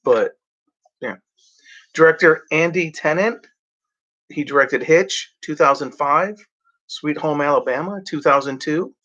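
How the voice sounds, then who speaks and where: A man talking casually as a show host, halting with many fillers and restarts. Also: on the high side, a bit bright, lo-fi sound. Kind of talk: casual rambling chat.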